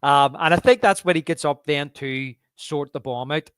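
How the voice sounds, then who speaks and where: A man's voice: fairly high pitch, normal speed, fairly bright tone, clean tone, dry recording, studio quality. A man co-hosting a podcast in casual chat, rambling through scene recaps with many fillers. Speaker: podcast co-host.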